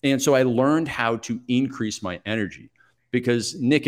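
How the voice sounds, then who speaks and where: A man in his forties, a podcast guest telling stories from his life in a reflective, steady, plain-spoken way. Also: mid-range voice, normal speed. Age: 40s. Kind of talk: conversational interview storytelling.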